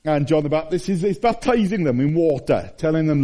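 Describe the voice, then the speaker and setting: A preacher in his forties tells stories in an animated, conversational sermon. His voice sits slightly high yet warm and mellow, with frequent fillers and restarts. It feels unscripted and lively. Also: fairly quick.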